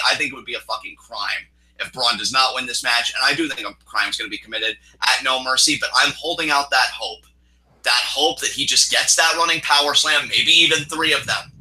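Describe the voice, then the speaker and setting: A man's voice: medium pitch, pushed and bright, poor audio. A young man co-hosting a wrestling show, ranting heatedly with lots of swearing in a casual chat. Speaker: wrestling podcast co-host. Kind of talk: opinion rant, casual chat.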